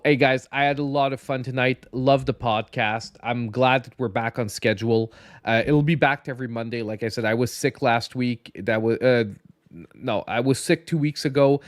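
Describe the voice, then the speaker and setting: A man's voice: medium pitch, no echo. Sleepy gaming podcast guy, slight lisp, rambly, dry close sound. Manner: rambling, many restarts and fillers. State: tired. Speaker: podcast host. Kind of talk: casual late-night podcast chat.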